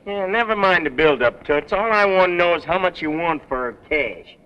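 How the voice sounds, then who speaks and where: An actor playing a blunt, slangy and suspicious car buyer, in 1930s film acting. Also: male voice, on the high side, animated, moderate pace, clear, resonant tone, natural voice. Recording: dull old film soundtrack with faint hiss.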